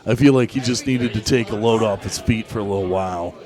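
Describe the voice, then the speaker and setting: A man's voice: on the low side, brisk. A man co-hosting a casual draft-party chat in a crowded bar, joking and rambling with restarts. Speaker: podcast co-host. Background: crowd chatter.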